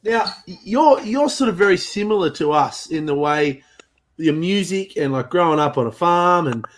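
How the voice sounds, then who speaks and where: A man with an Australian accent, a musician co-hosting a live chat, telling stories in a relaxed, rambling way with lots of fillers. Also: on the high side, moderate pace, slight background noise. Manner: laid-back rambling storyteller with many fillers. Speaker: co-host musician. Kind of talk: casual chat.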